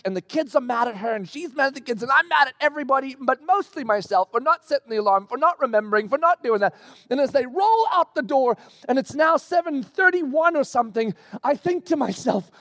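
High-voiced pastor telling a story. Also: male voice, brisk, dry recording. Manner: animated storytelling with acted-out quotes. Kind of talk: sermon. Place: church.

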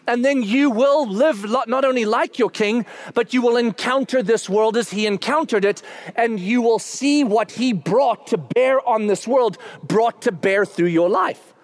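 A middle-aged man preaching a sermon in a notably high voice. He talks in an animated way and swells to loud, excited shouting at his peaks, then drops back to plain explaining. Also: measured pace. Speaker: pastor.

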